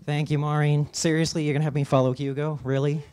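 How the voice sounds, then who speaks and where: A radio DJ telling a personal story live on stage, casual and rambling with fillers. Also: male voice, on the high side, little pitch movement, quick pace, a little mellow.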